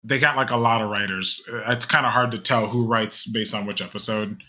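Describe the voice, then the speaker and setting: A man's voice: lowish voice, steady tone, a little fast, pushed and bright. A young man co-hosting a podcast, rambling casually with many fillers and restarts. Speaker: podcast co-host. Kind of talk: casual chat.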